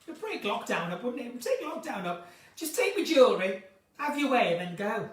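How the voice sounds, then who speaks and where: A woman hosting a casual live chat from her kitchen at home, theatrical and chatty, swinging between bright exclamations and low asides. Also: sing-song, brisk. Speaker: live-stream host chatting with viewers. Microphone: phone or webcam in a live stream. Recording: roomy, distant from the mic.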